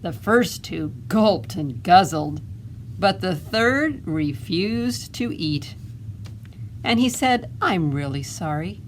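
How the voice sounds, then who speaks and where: Slow, expressive woman reading a picture book. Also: mid-range voice, slight background noise. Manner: slow, expressive, asks children questions. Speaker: children's librarian.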